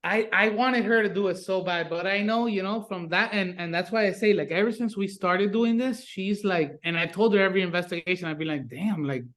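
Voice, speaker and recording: A South Florida man with a high voice, a guest who investigates the paranormal, tells stories in a casual podcast chat. He talks fairly quickly with hardly any pauses, swearing freely and acting out reactions as an animated storyteller.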